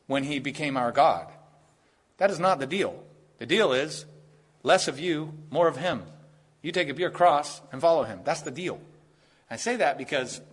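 A man preaching a sermon in an earnest, conversational way, with quick asides to the listeners. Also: fairly high pitch, fairly bright tone, husky. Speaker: pastor.

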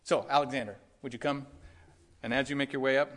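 A man's voice: mid-range voice, steady tone, quick pace, a bit bright. A middle-aged male pastor preaching a sermon in an earnest way, often repeating words and building to emphatic peaks.

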